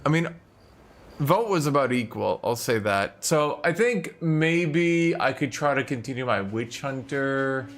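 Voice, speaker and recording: A man's voice: medium pitch, lively intonation, measured pace, fairly bright tone. A man streaming a video game, chatting casually with his viewers, frustrated and swearing now and then. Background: game music.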